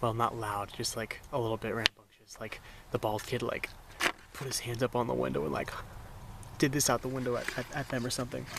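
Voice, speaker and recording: A man's voice: mid-range voice, fairly quick, vocal fry. Laid-back young man rambling over noise. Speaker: vanlife vlogger. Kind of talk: casual vlog storytelling. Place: around his van and campsite. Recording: steady road and outdoor noise behind.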